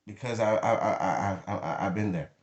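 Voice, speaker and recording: A man's voice: fairly low pitch, normal speed, lo-fi sound. Blunt, cursing man venting. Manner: blunt, emphatic, cursing freely. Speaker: vlogger. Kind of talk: emotional venting monologue. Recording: echoey room.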